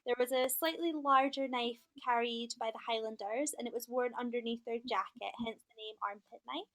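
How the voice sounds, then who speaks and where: A woman's voice: on the high side, moderate pace, rough recording. Woman steadily reading an informative script. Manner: steady, informative, friendly to viewers. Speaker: shop presenter.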